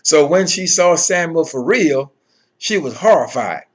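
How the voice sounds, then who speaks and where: A man's voice: a little high, animated, measured pace. A man giving a Bible lesson, reading verses aloud and explaining them with emphatic commentary. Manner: emphatic, repeats phrases, frequent "okay" and "all right". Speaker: Bible teacher.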